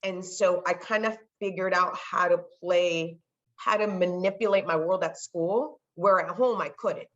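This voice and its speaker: A woman's voice: lowish voice, a little slow. Chatty woman on slightly muffled audio. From California, United States. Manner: chatty, acts out other people's voices in quotes. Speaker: podcast guest, sports marketer. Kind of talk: casual storytelling interview.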